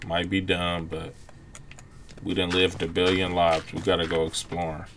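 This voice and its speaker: A young man giving relaxed, reactive commentary over his own gameplay, breaking into quick exclamations. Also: low-pitched, background noise. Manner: laid-back, reactive, frequent exclamations. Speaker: gaming channel host. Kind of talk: let's-play gameplay commentary.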